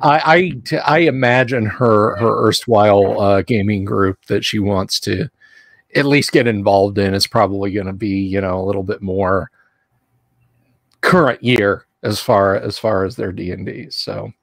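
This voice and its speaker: Gravelly-voiced man hosting a chat show. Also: lowish voice, fairly even intonation, measured pace, no echo, clean studio sound. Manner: jokey, laughs often, breaks into mock voices. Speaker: podcast host. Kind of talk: casual chat.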